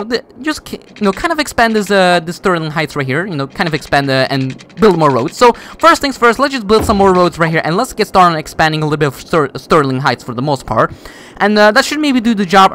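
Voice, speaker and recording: A man's voice: high-pitched, a bit bright, a little hiss or hum. A man giving casual gameplay commentary, rambling with many fillers and restarts while he builds. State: voice cracks. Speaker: gaming YouTuber.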